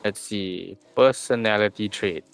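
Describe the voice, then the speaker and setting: Game master, male, low and smooth, casual and musing, faint music bed. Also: unhurried. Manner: musing, hums filler syllables while thinking. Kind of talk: casual tabletop session chat.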